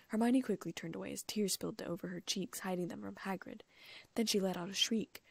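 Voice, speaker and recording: A woman narrates an audiobook in a hushed, often half-whispered reading. Her voice is husky and gravelly at the edges, recorded dry and close. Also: medium pitch, fairly even intonation, brisk, dry recording. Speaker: audiobook reader. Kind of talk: reading first-person fan fiction.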